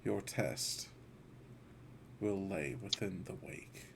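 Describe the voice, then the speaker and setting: A man voicing a solemn spirit that speaks into the mind, low and slow. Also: vocal fry, noisy background, exaggerated voice.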